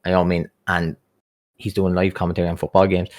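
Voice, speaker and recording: This is a young Irish man with a very low, deep voice. He swears freely and tells his story in a loose, animated way. It sounds like a casual podcast chat between mates. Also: brisk. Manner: animated, sweary anecdote-telling with acted-out quotes. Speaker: podcast guest.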